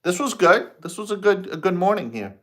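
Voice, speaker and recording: A man's voice: sits high, very animated, fairly quick, fairly bright tone. A man hosting a spiritual livestream, greeting viewers and telling a story in a loose, conversational way. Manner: storytelling, acts out his own past quotes. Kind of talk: casual livestream chat.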